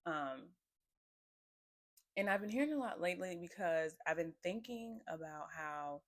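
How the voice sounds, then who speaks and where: A woman's voice: fairly low pitch, expressive, unhurried, no echo. A young woman hosting her own podcast, chatting casually and rambling with lots of fillers and small laughs. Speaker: podcast host. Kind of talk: casual solo podcast chat.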